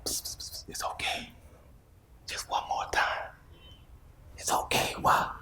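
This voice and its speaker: A man's voice: very animated, a little slow, reverberant, background noise, full character voice. A man whispering as a sly tempting devil, whispered role-play. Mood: coaxing. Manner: hushed coaxing whisper, rising to a high wheedle.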